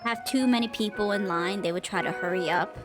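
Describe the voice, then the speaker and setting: A woman's voice: mid-range voice, brisk. A woman casually joking and swearing while commentating a horror game. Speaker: gamer. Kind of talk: let's play commentary. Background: game music.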